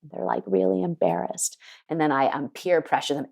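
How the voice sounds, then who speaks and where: A woman winemaker telling an animated story in an interview, acting out the people she quotes. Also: deep voice, normal speed, creaky. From United States. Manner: lively, quotes people in put-on voices. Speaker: winemaker guest. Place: her home in Sonoma County.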